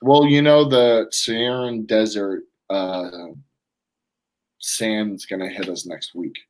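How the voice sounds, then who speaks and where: A man from Florida co-hosting a casual wrestling talk show, chatting in a relaxed, rambling way. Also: lowish voice, slow pace, rough recording. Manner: laid-back, rambling, mimics voices in a hushed tone. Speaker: podcast co-host. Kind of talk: casual chat.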